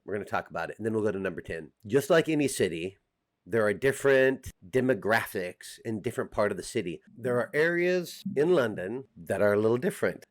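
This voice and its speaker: Chatty middle-aged American man vlogging. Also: fairly low pitch. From United States. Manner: chatty, joking, direct address to viewers. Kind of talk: casual talk to camera.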